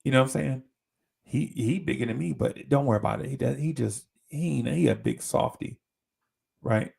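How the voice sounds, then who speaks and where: A man's voice: medium pitch, normal speed, creaky, a little mellow, slightly rough. A man hosting a live show, telling a slangy, rambling story with many restarts. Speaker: host. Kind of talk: casual storytelling chat.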